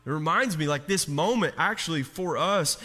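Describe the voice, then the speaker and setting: Bright-voiced man preaching in a reverberant hall. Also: on the high side, expressive, moderate pace, faint music behind. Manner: conversational, joking, acts out quoted voices with restarts. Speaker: pastor. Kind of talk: sermon.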